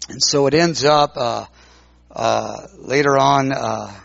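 A man preaching, telling a story with many halting restarts and repeated words. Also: medium pitch, gravelly, a bit bright, dry recording, muffled recording. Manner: halting, repeats words while recounting dialogue. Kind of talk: sermon storytelling.

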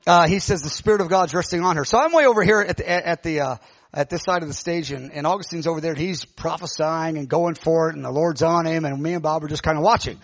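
High-voiced pastor telling a story. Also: male voice, fast, lo-fi sound. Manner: animated storytelling with many fillers and restarts. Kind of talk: sermon storytelling.

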